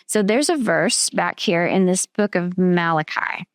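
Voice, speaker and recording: A woman teaching children a Bible story, asking them questions and slowing down on key words. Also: fairly low pitch, dry recording, studio quality. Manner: patient, questioning, slows down for emphasis.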